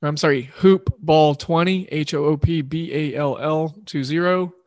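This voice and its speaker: A man's voice: fairly high pitch, steady tone, a little slow, no room sound, clean studio sound. A man hosting a sports betting show, rambling loosely through picks and correcting himself as he goes. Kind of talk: casual sports betting talk.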